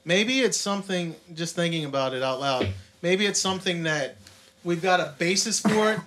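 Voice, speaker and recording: A man's voice: sits high, normal speed, a little hiss or hum. A man co-hosting a podcast, chatting casually and mimicking people in the stories he retells. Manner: animated, mimics others in retold stories. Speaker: podcast co-host. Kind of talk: casual chat. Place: recording studio.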